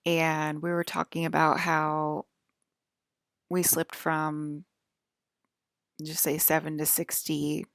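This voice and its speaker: Low gravelly woman rambling casually. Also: no room sound, studio quality. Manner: rambling, filler-heavy, apologetic. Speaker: vlogger.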